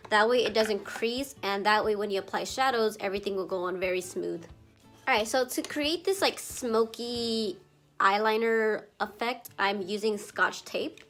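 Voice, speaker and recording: A woman's voice: mid-range voice, moderate pace, fairly bright tone, faint music behind. Chatty congested young woman vlogger. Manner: chatty, lots of "like" fillers, casual swearing. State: a little congested from allergies. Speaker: beauty vlogger. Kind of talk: makeup tutorial narration.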